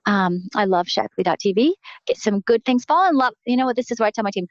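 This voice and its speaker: A woman's voice: medium pitch, lively intonation, fast, dry recording, highs cut off. A woman leading a training webinar, giving upbeat, rallying action steps to her team. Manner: upbeat, rallying, direct instructions. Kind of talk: upbeat coaching talk.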